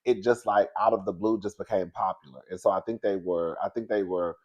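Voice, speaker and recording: Man, sassy gossip host, animated, frequent laughter. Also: sits low, brisk, dull audio. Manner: animated, sassy, laughs often, calls listeners girl and baby. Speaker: commentary show host. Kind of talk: casual gossip commentary.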